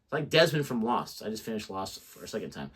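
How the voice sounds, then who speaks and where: A man's voice: lowish voice, sing-song, quick pace, a bit bright, breathy edge. Rambling male reaction-channel co-host. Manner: rambling storyteller, lots of "like". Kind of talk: casual chat.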